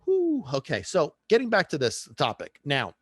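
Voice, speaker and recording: A man's voice: fairly high pitch, moderate pace, dry recording. A man hosting a solo podcast talks in a loose, joking way and slips Italian phrases into his talk. His voice rises and falls a great deal. It is recorded close and dry, with no room sound. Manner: animated, playful, drops into Italian phrases. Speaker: podcast host. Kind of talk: casual solo podcast rant.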